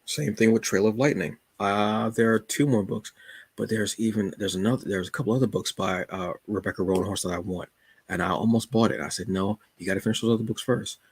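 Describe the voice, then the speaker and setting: A man's voice: fairly low pitch, brisk, creaky, husky. A man hosting his own channel, chatting casually and jokingly about books and comics with plenty of asides. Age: adult. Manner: relaxed, joking, storytelling with asides. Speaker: channel host.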